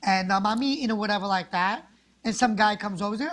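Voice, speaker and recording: A guest actor chats casually in an interview, rambling through stories and acting out the people he quotes. His high-pitched voice is a bit bright, and he talks at a quick pace.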